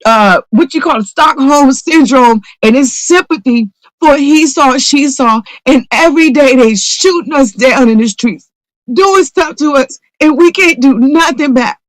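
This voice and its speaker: A woman's voice: high voice, a little slow, no echo, rough recording. Fired-up woman venting with raw profanity. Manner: heated, profane, repeats phrases for emphasis. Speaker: audience member in a live audio room. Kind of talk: impassioned call-in venting.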